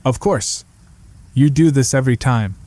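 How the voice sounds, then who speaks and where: A man's voice: medium pitch, normal speed, warm tone, dry recording, close to an everyday voice. A man voicing a blunt young psychology student who answers in a dry, dismissive, lecturing way. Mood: sardonic.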